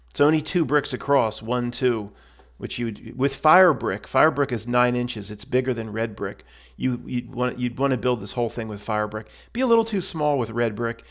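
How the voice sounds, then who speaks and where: A man giving casual, blunt voice-over commentary on a stove build video, rambling with many restarts and fillers. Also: medium pitch.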